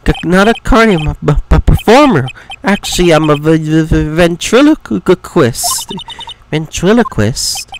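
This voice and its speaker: A man's voice: on the high side, lively intonation, normal speed, hardly any pauses, noisy background. Man joking through game commentary. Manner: jokey, swears casually at the game. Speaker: let's play commentator.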